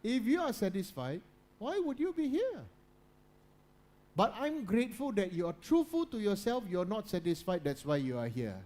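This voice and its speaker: A man with a slightly high voice gives a motivational talk to a student audience. He talks in repeated phrases and keeps asking the listeners to agree with him. He often drops to a quiet, low voice for emphasis. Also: very animated, moderate pace. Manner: repetitive, keeps checking in with listeners. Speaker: guest speaker.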